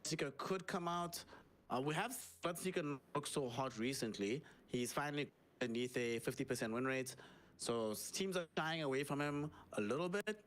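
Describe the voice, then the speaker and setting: A man co-casting an esports match, giving relaxed, slangy draft analysis. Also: medium pitch, moderate pace. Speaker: co-caster.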